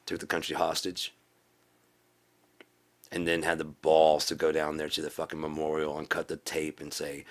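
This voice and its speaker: A man giving a profane political rant in a video blog, repeating himself and rising into preachy shouting. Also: very deep voice, monotone, moderate pace, pauses often. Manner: swearing, repetitive, builds to preachy shouting. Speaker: video blogger.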